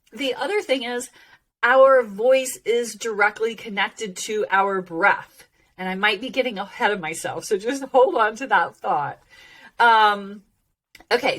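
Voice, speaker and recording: Animated woman hosting a podcast. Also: medium pitch. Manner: animated and expressive, laughs often. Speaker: host teaching about voice and emotion. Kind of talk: casual podcast monologue.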